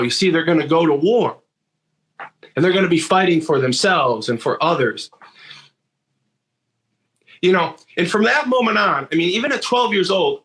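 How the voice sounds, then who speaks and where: A man's voice: sits high, fairly bright tone. A man in his sixties from Michigan, telling a personal story in an earnest monologue full of restarts and repeated words. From Michigan, USA. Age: 60s. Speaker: motivational speaker.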